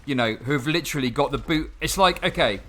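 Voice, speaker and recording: A man's voice: medium pitch, expressive, fast talker, pushed and bright. A young man chatting casually and sarcastically while playing a game, swearing often and rambling with restarts. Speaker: gaming channel host.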